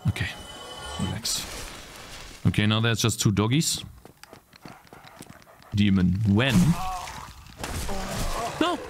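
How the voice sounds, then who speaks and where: A man's voice: lowish voice, animated, slow, pauses often, background noise. A man streaming a video game in casual commentary, chatting to his viewers and swearing freely when frustrated. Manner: swears freely, easily frustrated, talks to chat. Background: game music.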